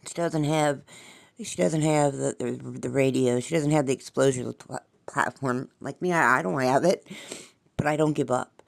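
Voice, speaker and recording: Woman host with a gravelly voice, loose and rambling, spiritual, swears a lot. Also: rumbling low, normal speed. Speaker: podcast host. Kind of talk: rambling casual monologue.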